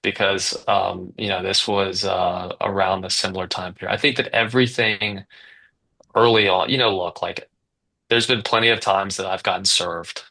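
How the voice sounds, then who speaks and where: A man's voice: deep voice, steady tone, normal speed, vocal fry, pushed and bright, low-quality recording. A man in his twenties, a guest telling a story in a casual podcast chat, rambling with lots of fillers and restarts. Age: 20s. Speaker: guest, business owner.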